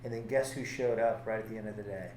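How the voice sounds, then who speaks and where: A man's voice: fairly low pitch, fast talker, over a noisy crowd. A man who works as a fishing guide and boat captain, telling stories on a podcast and acting out both sides of each conversation. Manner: animated, acts out both sides of his stories. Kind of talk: casual podcast storytelling. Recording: roomy podcast recording.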